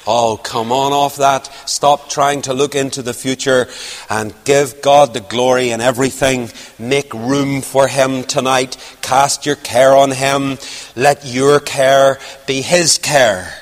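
A man preaching a sermon, emphatic, rising to near-shouts on key points. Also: medium pitch, steady tone, slow, big-room sound.

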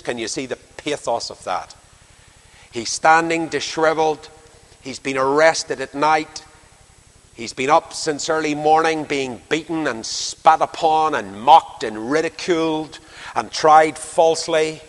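A man delivering a sermon with a slightly high voice that carries through a long-reverb hall. He tells the story dramatically, acting out the speakers and swinging between loud emphasis and quiet, hushed moments. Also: measured pace. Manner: dramatic, acts out dialogue with rising and falling intensity. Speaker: preacher.

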